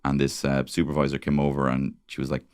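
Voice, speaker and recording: A man's voice: very deep voice, fast talker, clean tone, no room sound, studio quality. A young adult man with a Dublin accent co-hosting a podcast, chatting casually and swearing freely as he tells stories. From Dublin, Ireland. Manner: sweary, animated storyteller. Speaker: podcast co-host. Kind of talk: casual chat.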